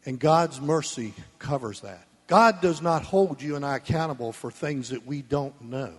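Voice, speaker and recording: A man preaching a sermon, blunt and folksy, swinging between loud emphasis and soft asides. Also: a little high, moderate pace, husky. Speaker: pastor. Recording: long reverb of a church hall.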